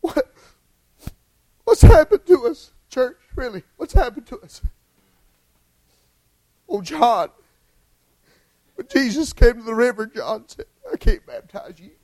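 Man preaching a sermon in church, high voice, goes from quiet to yelling. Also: sing-song, slow pace, pauses often, poor audio. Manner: impassioned, swings from hushed to shouting.

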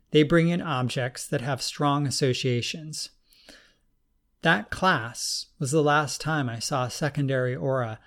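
Man doing a woman psychic analyst, calm, measured, explaining, storybook reading. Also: mid-range voice, lightly acted.

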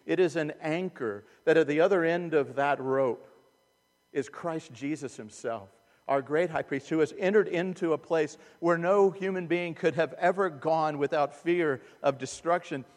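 A man preaching a sermon as a pastor, earnest and emphatic, dropping to hushed asides. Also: a little high, normal speed. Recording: long reverb of a large hall.

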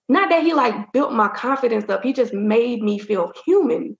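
A woman speaks as an interview guest, candid and rambling, her voice carrying a gravelly edge. The recording is roomy and a little dull, and her pitch sits in a middle range. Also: animated, normal speed. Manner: candid, rambling, many fillers. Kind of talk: casual storytelling in an interview. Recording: roomy, dull-sounding audio.

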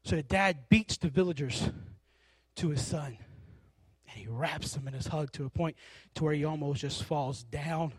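High-voiced man preaching an animated sermon. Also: moderate pace, slightly rough, dry recording. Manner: animated storytelling, acting out characters.

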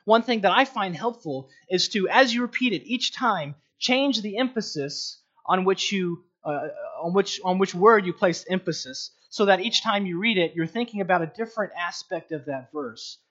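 A man giving an earnest, unhurried teaching on meditating on scripture, often restarting his sentences. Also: sits high, lively intonation, a bit bright. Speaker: Bible teacher. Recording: dull lo-fi recording.

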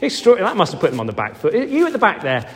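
A vicar preaches with a lively voice that leaps up and down as he acts out the voices of people in the story. His voice sits fairly high for a man. The church gives it a long, echoing reverb. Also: rapid-fire. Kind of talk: sermon.

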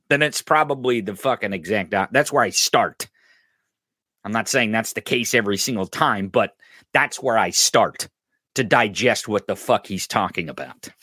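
A man's voice: fairly low pitch, bright, forceful tone, breathy edge, no echo, studio quality. A man hosting a podcast, ranting angrily and profanely in political commentary, mocking his opponents. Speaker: podcast host.

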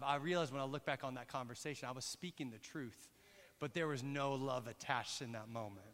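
A middle-aged man preaching a sermon in a church, telling a personal story with lively, direct asides to the congregation. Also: mid-range voice, a little fast. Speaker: pastor. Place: church hall. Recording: long reverb in a large hall.

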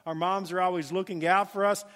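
A man's voice: high voice, fairly even intonation, a little fast, fairly bright tone, in a large hall. A middle-aged man preaching a sermon, telling family stories in a folksy way with many fillers, in a church. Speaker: pastor.

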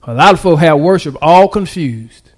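High-voiced guy preaching, calls out to the church, goes from quiet to loud. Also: lively intonation, normal speed. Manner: preaching with call-and-response, swinging from hushed to shouted; casual vernacular grammar. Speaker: pastor. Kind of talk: sermon.

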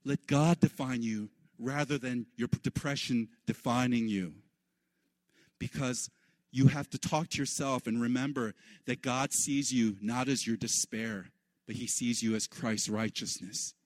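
A man preaching a sermon in an animated way, his voice leaping up high for the lines he quotes. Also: unhurried, no echo. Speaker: pastor.

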